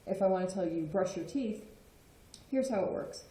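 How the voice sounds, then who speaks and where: Woman teaching, mellow, echoey room. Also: medium pitch, lively intonation, moderate pace. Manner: patient, checks in with frequent "okay?". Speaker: Spanish teacher. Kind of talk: explanatory lesson.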